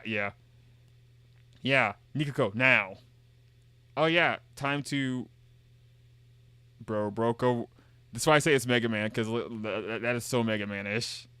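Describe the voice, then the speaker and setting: Here a game streamer speaks in a smooth, mid-range voice that's a bit bright, recorded with no room sound. His talk is casual and jokey; he reads in-game dialogue out loud, wanders off on tangents, and says the same things again and again.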